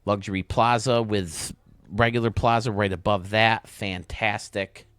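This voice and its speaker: A young man hosting video game commentary, enthusiastic and casual, heaping quick praise on what he shows. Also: lowish voice, steady tone, fairly bright tone, smooth, dry recording. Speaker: host.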